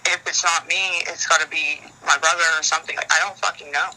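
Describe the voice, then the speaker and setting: A woman's voice: low voice, fairly even intonation, fast talker, pushed and bright, slight background noise. A woman on a phone call, talking frankly and rambling with worry, swearing often. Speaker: caller in a leaked phone call. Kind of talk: casual phone chat.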